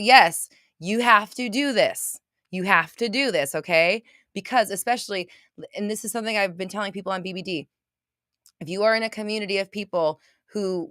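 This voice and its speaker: A woman with a somewhat low voice hosts a casual motivational livestream. She reads out comments and answers them in an emphatic, gushing way, repeating herself and swearing freely. The sound is dry and close. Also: fairly bright tone, clear, resonant tone, dry recording. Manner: reads viewer comments aloud. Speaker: livestream host.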